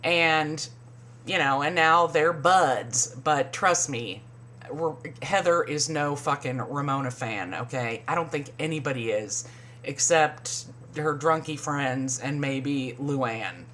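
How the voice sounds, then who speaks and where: A woman's voice: takes it slowly, fairly bright tone, slight background noise. A woman recapping a reality show in casual, profane commentary, sarcastic and mocking. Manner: sarcastic, swears a lot, mimics people in high voices.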